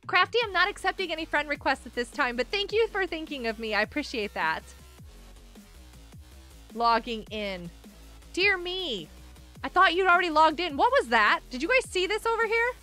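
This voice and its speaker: A woman's voice: high-pitched, very animated, normal speed, bright, forceful tone, faint music behind. A young woman streaming a game live, bubbly and exclaiming, chatting with viewers as she plays. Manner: bubbly, exclaims and laughs often, talks to chat.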